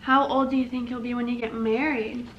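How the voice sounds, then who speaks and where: A woman's voice: on the high side, little pitch movement, brisk, highs cut off, slight background noise. A young woman vlogging, chatting casually and reading out questions to her husband. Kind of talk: casual chat.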